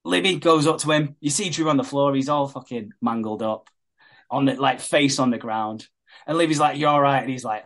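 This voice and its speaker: A man's voice: mid-range voice, moderate pace, a bit bright. A man with a mid-range voice tells a story in casual chat, swearing freely. He slips into quoted voices as he recaps scene by scene. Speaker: podcast co-host.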